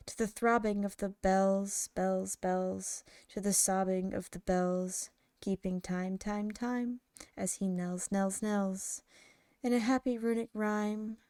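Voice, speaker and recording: Woman reading poems asmr style, slow and hushed, mellow voice, flat delivery. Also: medium pitch, clean tone, no room sound, studio quality. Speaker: narrator. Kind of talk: soft ASMR poetry reading.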